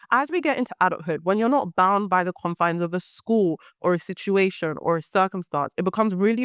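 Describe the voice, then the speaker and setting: A young woman hosting a podcast, chatting animatedly about books with a slightly hoarse voice, repeating words for emphasis. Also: on the low side, dry recording, clean studio sound. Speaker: podcast host. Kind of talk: casual book talk.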